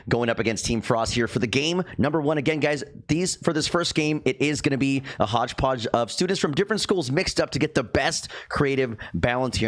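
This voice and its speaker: A man hosting a live esports broadcast, talking with many ums and restarts. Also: medium pitch. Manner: halting, lots of ums and restarts. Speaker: esports caster host.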